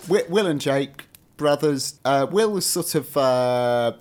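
A man's voice: mid-range voice, animated, slow pace, a little mellow, a little hiss or hum. A British man co-hosting a podcast in casual chat, with dry, wry humour. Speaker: podcast co-host.

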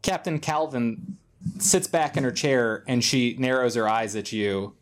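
A man narrating a tabletop game as game master, relaxed and wry. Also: medium pitch, measured pace.

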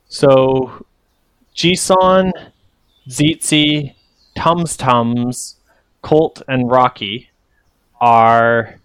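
Slow game master guy, lots of ums and restarts, dry close sound. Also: medium pitch, a bit bright, clean tone, no echo. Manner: hesitant, full of fillers and restarts. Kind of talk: narrating a tabletop game.

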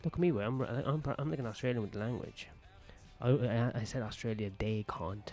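A stand-up comedian, rambling crudely and jokingly in a casual vlog, recorded outdoors on a patio. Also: male voice, medium pitch, normal speed, a little mellow, soft background music.

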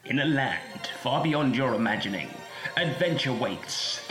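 A man narrating a mock fantasy game advert in a slow, dramatic announcer style. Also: mid-range voice, expressive, natural voice. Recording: echoey with music bed.

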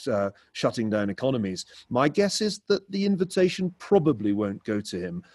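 A man on a panel discussion, speaking at a measured pace with frequent "uh" fillers. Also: mid-range voice, darkish tone, slightly rough, dry recording.

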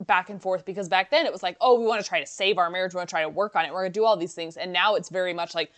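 A woman co-hosting a casual podcast, chatty and quick to laugh as she recaps scenes. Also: lowish voice. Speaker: podcast co-host. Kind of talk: casual chat.

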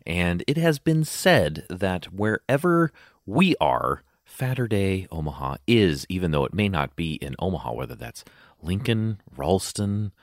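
A man's voice: sits low, big pitch swings, a little slow, no echo, studio quality. A man co-hosting a food podcast, talking in a chatty, playful way with many fillers. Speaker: podcast co-host. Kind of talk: casual chat.

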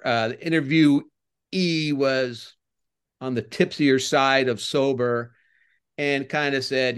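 An older man, a former baseball coach, chatting as a podcast guest and telling rambling stories that get animated when he retells crowd chants. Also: mid-range voice, smooth. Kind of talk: casual podcast interview, storytelling.

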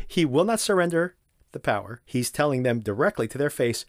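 A man hosting a solo podcast, recapping a TV episode in an animated, conversational way and acting out characters' lines. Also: mid-range voice, fairly quick, no echo, clean studio sound. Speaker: podcast host.

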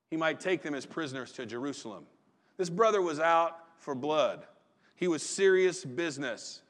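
A man's voice: on the high side, a bit bright. A pastor preaching a sermon in a folksy, conversational way, acting out the quotes he reads.

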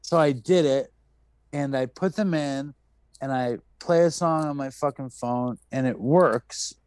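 Speaking at a measured pace with medium pitch and a clear, resonant tone, a podcast host from New York City is heard in a dry recording. He chats casually through a story, acting out its people and swearing freely in a lively way.

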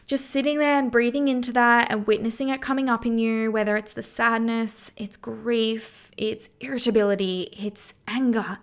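A woman's voice: a little high, a bit bright. A woman hosting a self-help podcast, talking earnestly in a casual coaching tone and swearing freely. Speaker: podcast host.

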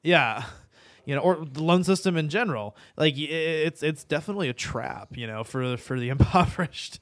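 A man's voice: fairly high pitch, expressive, fairly quick, a bit bright. A man hosting a casual gaming podcast. He rambles, restarts his sentences and laughs often.

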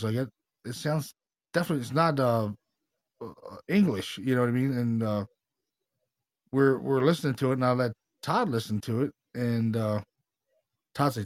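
A man co-hosting a podcast, telling a story in casual, excitable, slangy chat. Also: medium pitch, moderate pace, pauses often, dry recording, studio quality. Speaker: paranormal investigator, podcast co-host.

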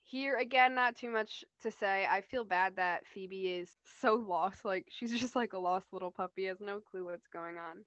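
A woman's voice: medium pitch, normal speed, few pauses, a bit bright, no room sound, highs cut off. A young woman co-hosting a podcast, chatting casually and relaxedly about a TV episode, giggling and using fillers. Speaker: podcast co-host.

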